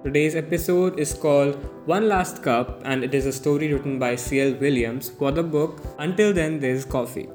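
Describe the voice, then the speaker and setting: A man hosting a story podcast, giving a formal, scripted introduction. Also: medium pitch. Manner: formal, announcing. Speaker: podcast host. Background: soft music.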